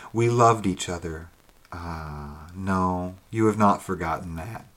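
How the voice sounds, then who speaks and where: A man reading the lines of a young woman's ghost, once burned as a witch, in a soft, intimate, pleading way. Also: sits low, slow. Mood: sorrowful.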